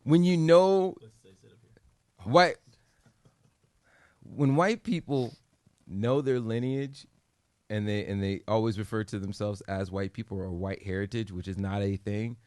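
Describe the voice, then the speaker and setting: A man's voice: lowish voice, a little slow, pauses often, dry recording. Emphatic man co-hosting a chat show. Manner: emphatic, animated, stammers on restarts. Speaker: podcast co-host. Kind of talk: casual chat.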